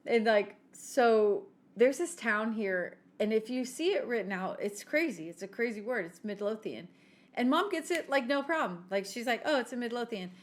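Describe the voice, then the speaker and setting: A woman's voice: on the high side, animated, normal speed. A woman co-hosting a podcast, chatting casually in a teasing way and laughing along. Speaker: podcast co-host. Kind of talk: casual chat.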